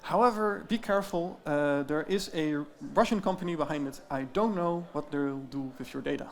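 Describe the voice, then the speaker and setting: A man's voice: on the high side, normal speed. A man, a startup founder, giving an explanatory conference presentation with casual fillers and asides.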